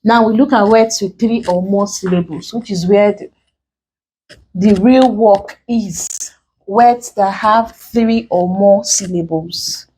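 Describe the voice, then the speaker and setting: A woman English tutor with a Nigerian accent, a mid-range voice and a warm tone teaches an exam-prep lesson, with slight background noise. She goes slowly and deliberately, explaining rules step by step and spelling out letters.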